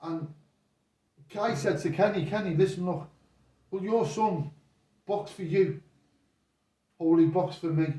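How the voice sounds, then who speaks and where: A boxing coach, an older man appearing as a guest, talks unhurriedly with long pauses in a high-sitting voice. His casual chat is full of rambling, animated stories in which he acts out the voices of the people involved. He's off-mic and far away in an echoey room.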